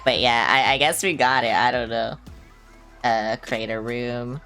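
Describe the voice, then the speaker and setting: Low-voiced young woman streaming a game. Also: measured pace, a bit bright, soft background music. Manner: blunt, swears often, self-mocking. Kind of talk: casual live-stream chatter.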